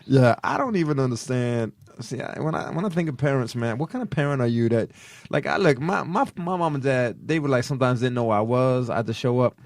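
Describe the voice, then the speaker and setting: A man's voice: mid-range voice, a little fast, no room sound, clean studio sound. A man co-hosting a comedy podcast, telling rambling jokes in a laid-back way. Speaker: podcast co-host. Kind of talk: casual comedic chat.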